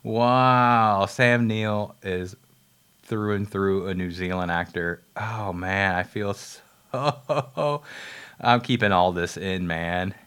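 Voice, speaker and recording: A man with a very low voice talks loosely about a movie, stumbling through fillers and restarts. He drifts off on tangents and laughs at his own slips, with an easy, offhand swear here and there. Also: slow pace, fairly bright tone, clean tone. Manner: rambling, many fillers and restarts, laughs at himself; swears casually. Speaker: film reviewer. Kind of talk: rambling casual movie talk.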